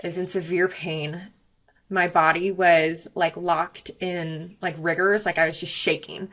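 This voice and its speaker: A young woman speaks as an interview guest, recounting a hard personal experience. Her voice sits a little low, and she talks candidly and reflectively, with frequent fillers. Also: little pitch movement, a little slow, a bit bright.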